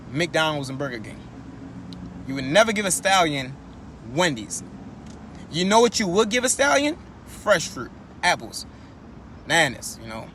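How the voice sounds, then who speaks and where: A man giving a casual, slangy motivational talk, animated and repeating phrases as he goes. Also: a little high, a little hiss or hum. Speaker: motivational speaker.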